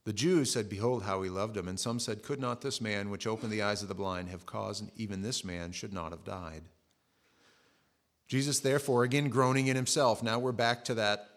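A man preaching a sermon in a conversational way, retelling scripture with acted asides. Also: on the low side. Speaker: pastor.

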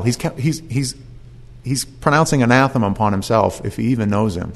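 A man's voice: medium pitch, a little fast. A man preaching a sermon, telling the story with animation and acting out voices.

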